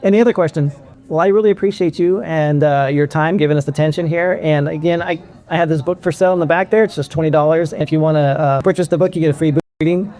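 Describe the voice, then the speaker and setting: A man's voice: on the high side, fairly even intonation, quick pace, mellow. A middle-aged man speaking candidly to a convention audience, telling his own story. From California. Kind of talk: personal talk to an audience.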